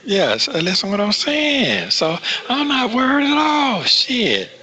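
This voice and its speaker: A man talking casually, wandering through his point and pausing to ask if he is getting through. His voice is bright, with a lively, wide-ranging pitch. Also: rough recording. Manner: rambling, keeps checking he is understood. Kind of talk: casual conversation.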